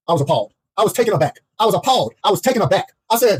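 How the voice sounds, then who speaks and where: Rapid-fire husky man telling a story. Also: high voice. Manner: animated, profane, heavily repetitive. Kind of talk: casual comedic storytime.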